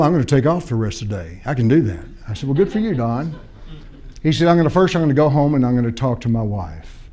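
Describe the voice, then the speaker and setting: A man at a seminar tells a personal story to an audience. He acts out both sides of a conversation as he goes, and restarts and repeats phrases in a natural, unscripted way. His pitch sits in the middle for a man. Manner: animated storyteller, acting out both sides of a dialogue. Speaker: speaker at a seminar.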